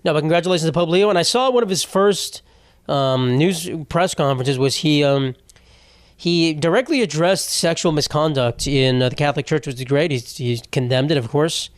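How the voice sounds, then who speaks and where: A man's voice: on the high side, moderate pace, no room sound. A young man hosting a solo comedy podcast, rambling and sarcastic, laughing through his sentences, his throat a little sore.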